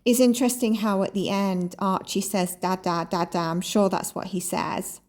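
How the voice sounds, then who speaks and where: A woman's voice: medium pitch, normal speed, a little mellow. A woman hosting her own channel, giving reflective commentary on a video and asking viewers to consider how it made them feel. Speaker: psychic channel host.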